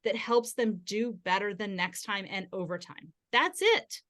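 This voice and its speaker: A woman guest on a podcast interview, explaining parenting ideas in a steady, instructive way. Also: mid-range voice, a little slow. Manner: acts out gentle parent quotes.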